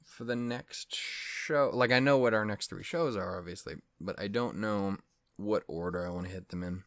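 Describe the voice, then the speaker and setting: A man with a fairly low voice wraps up a reaction video, talking loosely to his viewers. He swears constantly, rambles and mocks himself. His voice sounds close and dry, with no room around it. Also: normal speed, fairly bright tone, dry recording. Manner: rambling, profane and self-deprecating; easily sidetracked, loses his train of thought. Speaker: anime reaction host. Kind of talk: casual wrap-up chat to viewers.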